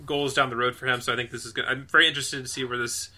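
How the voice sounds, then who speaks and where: A man co-hosting a casual podcast, his voice very bright and cutting. He gushes and gets carried away, stringing thoughts together with "like" and dropping curses freely. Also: medium pitch, very fast. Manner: excitable, gushing, heavy use of "like", swears freely. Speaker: podcast co-host.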